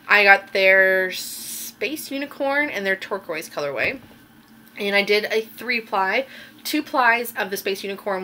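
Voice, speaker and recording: A woman hosts a knitting podcast, chatting casually in a show-and-tell style about her finished projects, rambling a little with plenty of ums. Her voice is medium-pitched, pushed and bright, with slight background noise.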